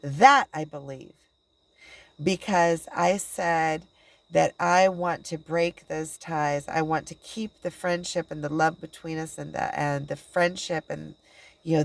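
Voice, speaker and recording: Rambling low-voiced woman talking to camera. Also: vocal fry, rough recording. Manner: rambling, halting, with many restarts and quoted dialogue. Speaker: spiritual channeler and video blogger. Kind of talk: casual personal monologue.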